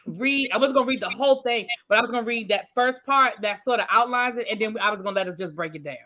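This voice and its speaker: A woman's voice: fairly high pitch, fast, pushed and bright. A woman hosting a casual livestream, greeting viewers by name in a chatty, familiar way. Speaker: livestream host. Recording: slightly dull lo-fi stream audio.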